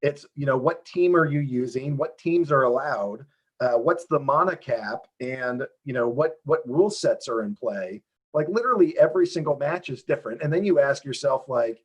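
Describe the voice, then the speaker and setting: Brief: husky man on a video call, animated explainer full of restarts. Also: medium pitch, highs cut off. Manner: animated, talks fast with many restarts and fillers. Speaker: game developer guest. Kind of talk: casual interview explaining a game.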